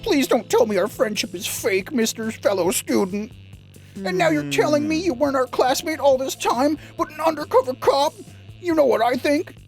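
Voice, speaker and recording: A woman voicing a goofy, excitable young male werewolf student who rambles earnestly. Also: sits high, normal speed, gravelly, faint music behind, pitched above the performer's own voice, rough recording. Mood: pleading. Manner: rambling, earnest, dim-witted.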